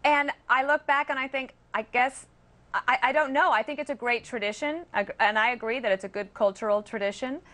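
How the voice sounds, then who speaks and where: A woman's voice: on the high side, fairly quick, a bit bright. Hesitant woman guest on a panel show. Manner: thoughtful, hesitant. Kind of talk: late-night panel discussion. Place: television studio.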